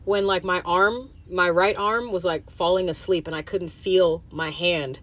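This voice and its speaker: Lady podcaster talking solo, kinda low voice, cussing a lot, rambly and loose. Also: fairly even intonation, measured pace, a bit bright. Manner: rambling and profane, full of fillers. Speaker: podcast host. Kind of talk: casual solo monologue.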